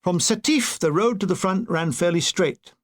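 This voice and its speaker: Reading his war memoir aloud at normal speed, this older man has a high-pitched voice. He delivers it with dry humor and slips into short put-on voices.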